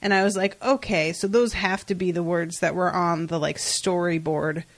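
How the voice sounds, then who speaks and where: A woman chatting casually on a podcast, animated, swearing and laughing as she acts out scenes. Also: lowish voice, moderate pace. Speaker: podcast co-host. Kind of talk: casual recap chat.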